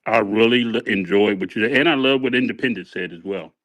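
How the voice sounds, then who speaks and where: A man's voice: lowish voice, fairly quick, a bit bright, no room sound. A man speaking up as a caller in a live audio room, making an emphatic political point. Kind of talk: casual political talk.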